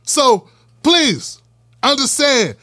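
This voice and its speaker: A man with a strikingly high voice hosts his own commentary show, speaking bluntly and with plenty of profanity. He drives his points home by repeating them. The recording is dry and close, with no room echo. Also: sing-song, drawn-out words, pushed and bright. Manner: blunt, profane, emphatic repetition. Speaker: political commentary host. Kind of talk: fiery direct-to-camera monologue.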